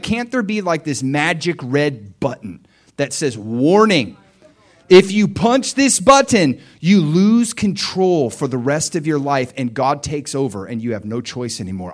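Animated male preacher. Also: fairly high pitch, normal speed. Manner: animated storytelling, swings from soft muttering to loud cries. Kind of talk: sermon.

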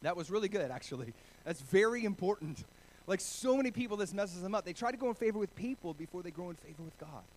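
A man from Oregon preaching a sermon, telling stories with animated, self-deprecating humor. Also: high voice, quick pace, rough recording. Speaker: pastor.

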